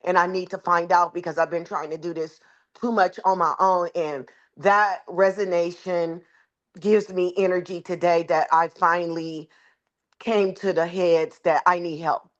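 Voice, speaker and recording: A woman in a group coaching call, earnestly sharing how she feels, pausing with fillers as she goes. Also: fairly low pitch, steady tone, highs cut off. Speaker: group member. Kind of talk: casual sharing on a video call.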